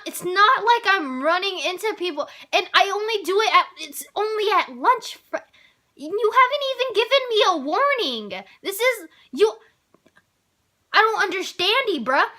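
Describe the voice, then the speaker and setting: A woman's voice: very high voice, expressive, unhurried, bright, forceful tone. A teenage girl telling a story in a casual, exasperated and profane rant about getting in trouble at school.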